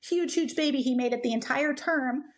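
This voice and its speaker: A young woman co-hosting a podcast, telling a personal story in a casual, animated way and acting out what people said. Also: high voice, a little fast. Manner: animated, acts out quoted people, many "like" fillers. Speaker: podcast co-host.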